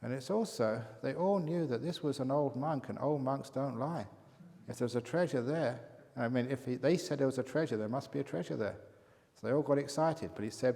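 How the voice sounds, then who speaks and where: A Buddhist monk teacher telling a story in a relaxed, chatty Dharma talk, often chuckling. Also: male voice, medium pitch, a little fast, gravelly. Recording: long hall reverb.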